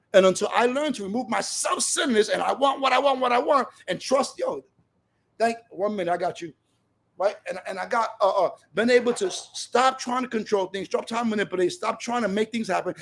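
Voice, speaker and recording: A man's voice: sits high, brisk, creaky. A man giving a passionate, repetitive personal share at a recovery meeting, telling stories.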